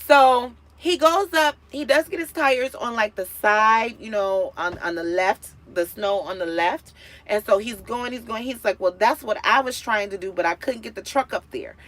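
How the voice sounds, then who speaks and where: A woman vlogger telling a story casually to her viewers, animated and acting out what people said. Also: a little high, moderate pace. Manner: animated, acts out quotes with big swings in loudness.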